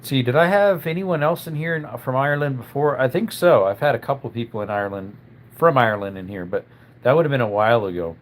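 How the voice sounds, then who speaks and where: A man, a little under the weather with a tickle in his throat, hosting a casual live stream and chatting through viewer comments. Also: medium pitch.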